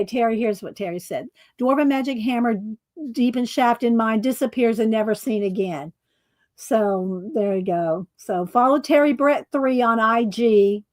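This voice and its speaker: Working on crafts during a casual livestream, a woman chats with her viewers by name, using lots of fillers and restarting often. Her voice is fairly high in pitch and a little mellow.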